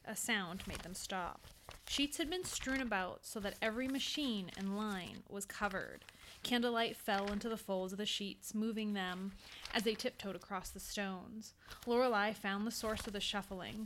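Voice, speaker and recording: A woman narrating a spooky fiction episode in a measured, suspenseful storytelling manner. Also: mid-range voice, fairly bright tone, a little hiss or hum.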